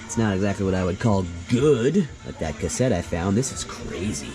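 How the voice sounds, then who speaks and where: A man's voice: on the low side, expressive, normal speed. A man vlogging as he wanders through an indoor flea market, chatting easily and musing about what he sees. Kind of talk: casual walkthrough narration. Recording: music playing behind. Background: music playing in the store.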